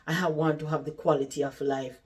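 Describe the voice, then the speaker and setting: A tired old woman looks back on a life of overwork with quiet regret, voiced by a woman retelling her story. The speech is slow and heavy and sits near tears. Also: sits low, fairly even intonation, lightly acted. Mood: regretful. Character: weary regretful older woman in care.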